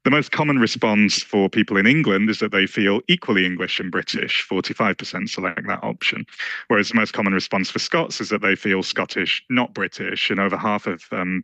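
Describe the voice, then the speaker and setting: A man walks an audience through research charts in a measured, explanatory way. His low voice has a gravelly edge and a bright, pointed tone. The recording is close and dry, with no room sound. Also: dry recording, poor audio. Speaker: lecturer presenting survey research. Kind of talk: academic slide presentation.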